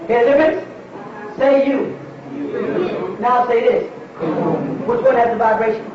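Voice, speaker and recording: A man's voice: very high voice, fairly even intonation, a little slow, noisy background. A man giving a lecture to an audience and taking their questions. He talks emphatically, repeats his points and asks rhetorical questions. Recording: distant, echoey, dull lo-fi recording.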